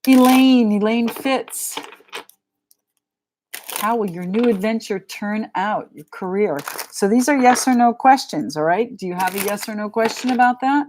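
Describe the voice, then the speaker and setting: A woman's voice: mid-range voice, moderate pace, hardly any pauses, background noise. A middle-aged woman with a New England accent giving a live tarot reading in a chatty, frank and joking way. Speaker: tarot reader.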